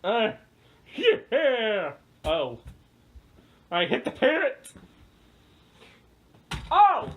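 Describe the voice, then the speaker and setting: A woman giving playful live commentary at home, excitable and full of yelps and exclamations, recorded on a camera mic indoors. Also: on the high side, drawn-out words, pauses often, slightly rough. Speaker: home video maker.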